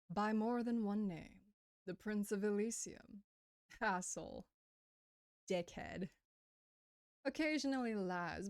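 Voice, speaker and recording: A let's player works through a visual novel, reading the story aloud and adding casual, joking asides. Her mid-range voice is a little mellow and free of echo, with game music playing in the background.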